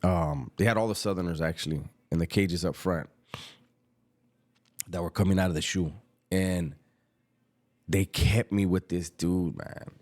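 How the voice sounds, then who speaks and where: A middle-aged man, telling a story about prison in casual street slang, unhurried and reflective. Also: sits low, a little mellow.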